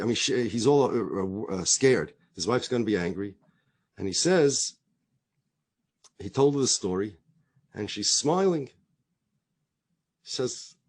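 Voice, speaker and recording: A middle-aged man speaking as a rabbi, telling stories in conversation, acting out the dialogue and repeating himself as he goes. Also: mid-range voice. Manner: animated storyteller, acts out quoted dialogue, frequent repetitions.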